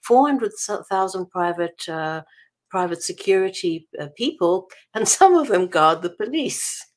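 A woman's voice: on the low side, expressive, unhurried. A woman from South Africa being interviewed as an author, talking in a chatty way with many restarts. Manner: chatty, many restarts and laughs while telling anecdotes. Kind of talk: casual interview over a call.

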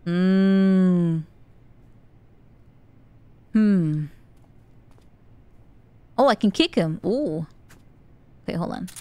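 A woman's voice: on the low side, animated, extremely slow, long pauses, dark tone, clear, resonant tone, dry recording. A woman streaming a stealth video game, chatting playfully with frequent giggles and stammered restarts. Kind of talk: live game commentary.

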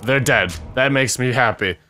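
A man's voice: medium pitch, moderate pace, sharp tone, a little hiss or hum. A young man commentating a video game he is playing, sarcastic and swearing a lot in frustrated outbursts. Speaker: let's play gamer.

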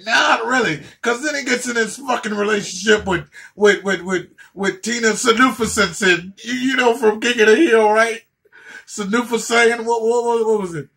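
A man's voice: high-pitched, moderate pace, vocal fry, bright, forceful tone. A man doing a profane comedic rant, stammering and repeating words as he goes.

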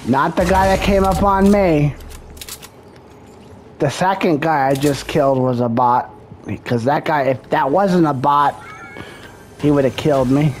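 A man's voice: fairly high pitch, measured pace, long pauses, a little hiss or hum. A man making gaming videos, giving a profane, frustrated running commentary and trash-talking other players as he plays.

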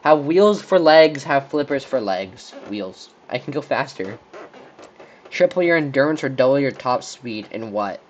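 In a room with a squeaky chair, a young channel host from Texas plays would-you-rather, his medium-pitched voice lively in intonation and measured in pace. The sound is lo-fi with slight background noise, and he muses aloud, rambling through fillers and restarts.

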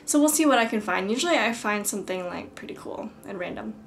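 A woman's voice: medium pitch, lively intonation, fast talker, slight background noise. A young woman vlogging at home, gushing breathlessly with lots of "like" as she unboxes a camera. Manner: gushing, breathless, filler-heavy ("like"). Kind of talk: casual vlog, unboxing a camera. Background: music playing.

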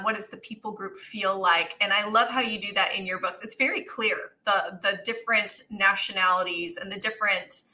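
A woman co-hosting an author podcast, her voice very bright and ringing. She talks in a loose, chatty way and laughs often as she goes. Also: mid-range voice, rough recording. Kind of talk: casual chat.

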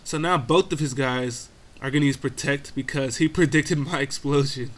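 A man's voice: mid-range voice, normal speed. A young man doing casual game commentary, giving play-by-play full of profanity, exasperated grumbling and self-mocking asides. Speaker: gaming commentator.

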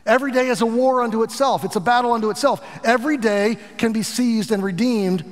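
A middle-aged pastor preaching a sermon in an earnest, animated way, with asides to his congregation. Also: very high voice, fast, big-room sound.

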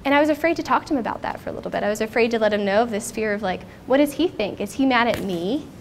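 A woman in her thirties gives a personal testimony talk at a conference, earnest and reflective yet expressive and rapid-fire. Her voice sits on the high side, with slight background noise.

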